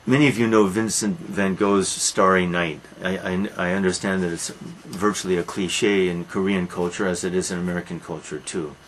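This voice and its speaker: A man's voice: low-pitched, steady tone, moderate pace, hardly any pauses, a bit bright, a little hiss or hum, low-quality recording. A man lecturing on a Greek tragedy, retelling it as a dramatic storyteller who repeats words for emphasis. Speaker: literature lecturer.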